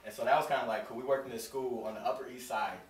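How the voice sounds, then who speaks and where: A man in his thirties doing an animated stand-up comedy set, telling a story and acting out the other people's voices. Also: medium pitch, rapid-fire. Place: comedy club stage. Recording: roomy club sound from far off with crowd laughter. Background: audience laughing.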